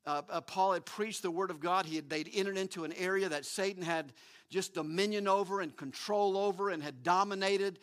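Male pastor, high bright voice, emphatic sermon delivery with frequent restarts. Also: a little fast. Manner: animated, emphatic preaching with repeated restarts.

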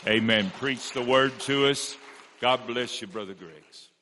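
A male pastor slowly welcoming a guest evangelist to the pulpit. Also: mid-range voice. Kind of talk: introducing a guest preacher. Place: church. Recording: echoey church hall.

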